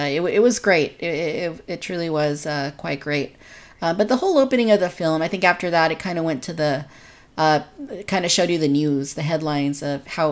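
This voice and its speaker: A woman co-hosting a casual podcast discussion, reviewing in an earnest, detailed way. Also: sits low. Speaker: podcast co-host.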